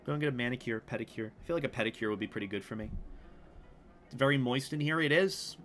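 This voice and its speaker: A man's voice: mid-range voice, quick pace, long pauses, a bit bright. A young man chatting casually on a livestream, rambling and self-deprecating, with some swearing. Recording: music playing behind the voice.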